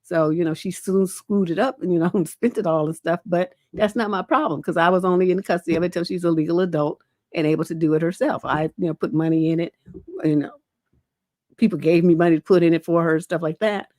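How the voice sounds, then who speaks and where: A middle-aged woman with a fairly low voice reads out viewer letters and answers them with blunt, casual advice, full of "you know". She has a lingering cough. The sound is dry and close, with no room echo. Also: steady tone, fairly quick, dark tone. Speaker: relationship coach. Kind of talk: livestream advice show, reading and answering questions.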